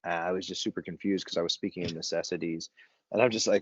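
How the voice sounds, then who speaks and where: A man's voice: low voice, fairly even intonation, quick pace, husky, dry recording. A man speaking as a podcast guest, telling a personal story in a candid, rambling way, full of fillers and restarts. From Los Angeles area. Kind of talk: storytelling in casual conversation. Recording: dry, dull lo-fi sound.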